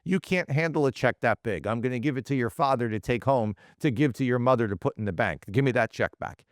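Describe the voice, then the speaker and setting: A man playing his former general manager, a gruff older dealership boss who makes blunt, teasing demands. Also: medium pitch, fast, no room sound, studio quality, natural voice.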